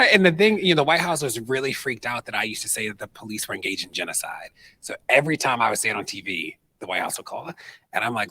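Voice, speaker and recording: Animated man telling stories on stage. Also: mid-range voice, brisk, slight background noise. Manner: animated, quotes people in put-on voices, conversational with fillers. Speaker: activist speaker. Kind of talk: storytelling on stage, answering audience question. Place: stage at an event.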